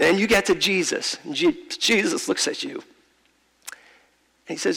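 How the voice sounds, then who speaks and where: A man preaching a sermon to a congregation, animated and acting out little scenes in different voices. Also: sits high, moderate pace, gravelly, breathy edge, long reverb tail, rough recording. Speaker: pastor. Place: large room with a congregation.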